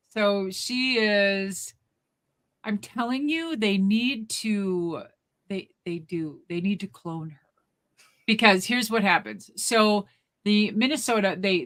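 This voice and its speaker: A woman co-hosting a live stream chat, telling lively family stories and loudly acting out the people she quotes. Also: mid-range voice. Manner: animated, acts out quoted voices loudly. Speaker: co-host. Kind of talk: casual storytelling chat. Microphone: live stream, remote.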